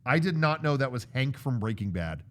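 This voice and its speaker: A man in his thirties, co-hosting a loose movie discussion. His pitch swings widely as he retells scenes, jumping into loud put-on quotes. He talks in rushes, restarts and fillers. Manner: animated storyteller, acts out scenes with sudden shouted quotes. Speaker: co-host of a movie discussion show. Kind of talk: casual movie recap chat.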